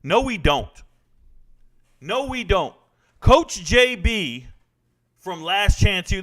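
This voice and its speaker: A man hosting a live stream, answering chat questions about college football in a brash, animated way, arguing with viewers. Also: sits high. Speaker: livestream host answering chat.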